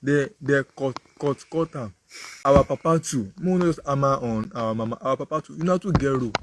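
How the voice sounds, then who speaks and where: A man's voice: mid-range voice, fairly quick, background noise. Nigerian preacher man telling stories. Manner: repetitive, vivid storyteller. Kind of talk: moral talk with storytelling.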